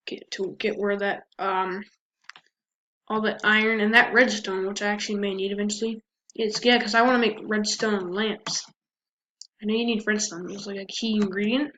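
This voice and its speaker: A woman's voice: mid-range voice, steady tone, moderate pace, bright, forceful tone. A woman giving casual let's-play commentary, chatting to herself as she plays. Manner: chatty, talks to herself while playing. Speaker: gameplay commentator. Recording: dull lo-fi mic with faint noise.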